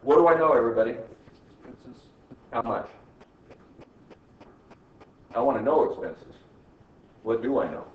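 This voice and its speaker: A man's voice: medium pitch, measured pace, long pauses. Joking man lecturing a class. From United States. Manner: quizzes the class with constant tag questions, teasing jokes. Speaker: accounting instructor. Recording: echoey classroom from far off, muffled, faint hiss.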